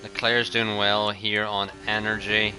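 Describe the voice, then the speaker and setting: A man's voice: lowish voice, monotone, sharp tone. Joking man streaming a racing game. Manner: joking, laughs often, quick asides. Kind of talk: casual live game commentary.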